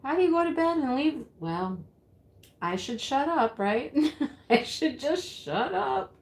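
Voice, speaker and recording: A chatty home-craft streamer who keeps losing the thread; unhurried, lilting talk, roomy sound. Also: female voice, high-pitched, big pitch swings, full character voice. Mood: chatty rambling. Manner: rambling, giggles often, easily flustered. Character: rambling, giggly woman hosting a home craft livestream. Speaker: home craft livestream host. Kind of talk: sketch comedy character acting. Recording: roomy echo.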